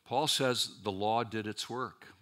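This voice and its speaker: A man preaching a chapel sermon at a seminary, lively and dramatic, with rhetorical questions and wry asides to his listeners. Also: fairly low pitch, slow.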